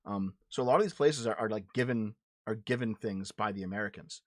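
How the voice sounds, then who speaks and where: This man hosts a livestream show, trading casual political takes with his chat in a blunt, profane manner. When heated he repeats and restarts his words. His low voice moves at a brisk clip over a dry, studio-quality recording.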